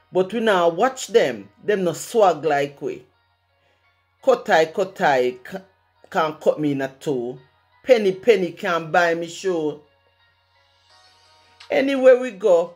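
A speaker from Jamaica with a Jamaican accent, reciting a rhyming poem in a rhythmic way, using patois phrasing. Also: mid-range voice. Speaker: poet.

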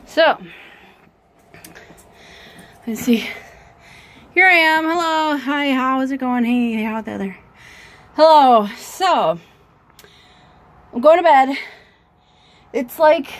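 A woman's voice: fairly high pitch, expressive. A young woman chatting casually through a daily vlog, talking about her plans with lots of "like" thrown in. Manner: chatty and unhurried, peppered with "like". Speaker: vlogger.

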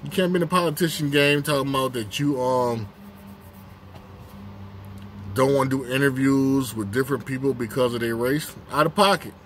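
A man's voice: medium pitch, normal speed, long pauses, a bit bright, a little hiss or hum. A man hosting his own casual commentary vlog on a break at work, talking bluntly and repeating his points for emphasis.

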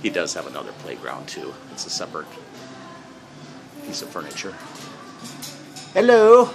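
A man filming his pet parrot at home on a handheld phone, switching between high sing-song baby talk to the bird and low asides. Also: a little fast, vocal fry, sharp tone, faint music behind. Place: home indoors.

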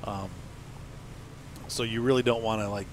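A man's voice: lowish voice, fairly even intonation, normal speed, background noise. A man casually commenting on his own gameplay, thinking aloud and correcting himself as he plays. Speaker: let's play host.

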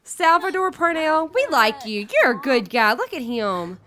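A young woman with the sniffles commentates a life-sim game, bossing and teasing the characters in an excitable, jokey way. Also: high-pitched, moderate pace. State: sniffly with a cold. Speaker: gaming YouTuber. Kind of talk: Let's Play commentary.

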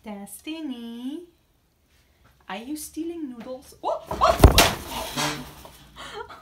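A woman's voice: sits high, heavy background noise. A woman talking to her pet parrots at home in a coaxing, sing-song baby-talk voice, in a kitchen. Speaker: parrot owner and vlogger.

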